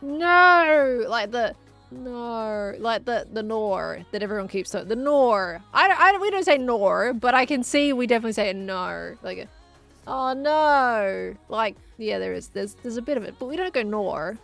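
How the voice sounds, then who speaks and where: A woman's voice: on the high side, lively intonation, moderate pace, creaky, fairly bright tone. An Australian woman chatting casually while streaming a game and answering chat, with faint music behind her.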